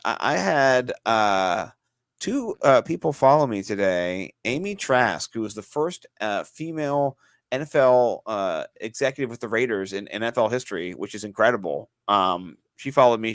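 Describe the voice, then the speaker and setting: A man's voice: lowish voice, expressive, moderate pace, dry recording, clean studio sound. A man co-hosting a podcast in casual chat, rambling with lots of fillers and restarts, laughing easily. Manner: rambling, filler-heavy, self-interrupting. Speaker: podcast co-host.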